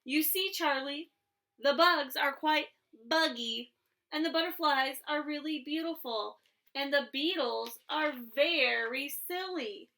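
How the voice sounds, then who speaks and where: A woman voicing an eager, insistent little girl who is excitable and obsessed with one book. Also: high voice, takes it slowly, gravelly, exaggerated voice.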